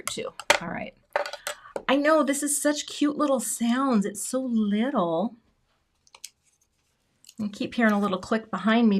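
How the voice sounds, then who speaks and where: An American woman hosting a live card-making stream, chatting casually and greeting viewers by name as she works. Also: on the high side. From United States. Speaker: card-making livestream host. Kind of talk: casual live crafting chat.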